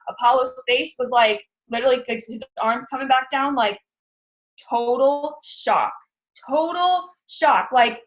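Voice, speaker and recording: A woman's voice: sits high, low-quality recording. A young woman giving an earnest motivational pep talk to her sales team, repeating her key lines for emphasis.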